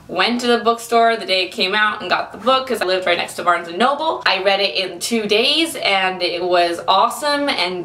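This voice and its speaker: A young woman in her twenties tells a story to her camera, bubbly and animated, acting out her own reactions. Her voice sits a little high. The sound bounces around a roomy space. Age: 20s. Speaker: vlogger. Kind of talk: casual storytelling vlog.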